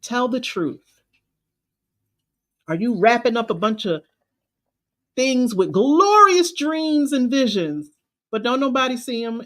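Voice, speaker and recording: A woman confidence coach, giving an emphatic, preachy motivational talk. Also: a little high. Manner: preachy, emphatic, drawn-out phrasing.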